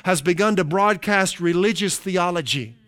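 A pastor in middle age preaches, using a smooth, high and resonant voice with a slightly bright tone. Slowing for emphasis on key lines, he then shifts into conversational, everyday asides. The recording sounds close and dry, free of any room sound.

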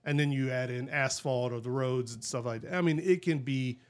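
A man's voice: medium pitch, moderate pace. A middle-aged man, co-hosting a casual chat and telling rambling stories with easy laughs. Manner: chatty, laughs easily, rambling storyteller. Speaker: podcast co-host.

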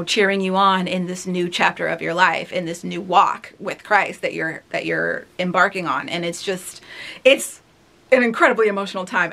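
A woman's voice: medium pitch, vocal fry, bright, forceful tone. Candid woman in her thirties reflecting. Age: 30s. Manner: candid, rambling, many "like"s and laughs. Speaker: vlogger reacting to her own video. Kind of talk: casual reflective commentary.

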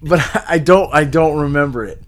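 A young man in casual chat with friends, recalling things haltingly. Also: a little high. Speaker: friend in conversation.

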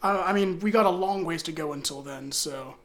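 A woman's voice: fairly low pitch, brisk. Woman player, stumbling and restless. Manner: restless, stumbling, swears freely. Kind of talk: tabletop role-play.

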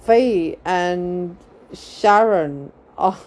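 A young woman hosts a casual gossip chat, rambling through her thoughts with many fillers and bursts of laughter. Her voice sits a little low and sounds warm and mellow. She takes her time, talking at an unhurried pace. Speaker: podcast host.

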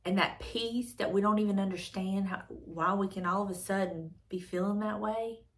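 A woman's voice: medium pitch, fairly even intonation, moderate pace. A woman hosting a devotional channel, reading aloud and reflecting earnestly, repeating her phrases as she thinks things through.

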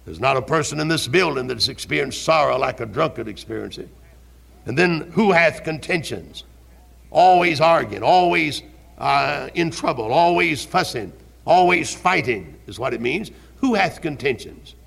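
Older preacher guy, super gravelly fried voice, fired up sermon in a church. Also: on the high side, expressive, normal speed. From American South. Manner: fervent preaching, repeating questions, rising to shouts. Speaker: pastor. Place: church sanctuary. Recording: 1971 archival church recording.

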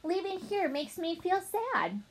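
A woman's voice: very high-pitched, big pitch swings, unhurried, creaky, a little hiss or hum, voice pushed up, full character voice. Woman voicing a sentimental alien teacher. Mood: earnest farewell. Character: alien male third-grade teacher, sentimental.

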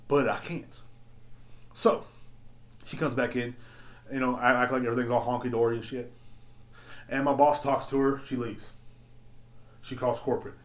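A man hosting a podcast, telling work stories in a blunt, profane, animated rant. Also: medium pitch. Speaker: podcast host. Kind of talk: casual storytelling rant. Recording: roomy echo.

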